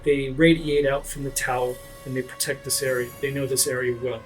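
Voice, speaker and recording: A man voicing a stern male chief of scouts who speaks in a solemn, measured way during a tabletop game. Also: medium pitch, level tone, music in the background, pitched below the performer's own voice, natural voice, low-quality recording. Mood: grave.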